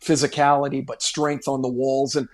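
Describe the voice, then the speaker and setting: A man's voice: mid-range voice, little pitch movement, moderate pace. A man co-hosts a hockey podcast in an easygoing, conversational way. His voice sits in a middle register, and he often restarts his sentences as he works through an idea. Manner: thinking aloud with restarts. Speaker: podcast co-host. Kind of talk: casual sports chat.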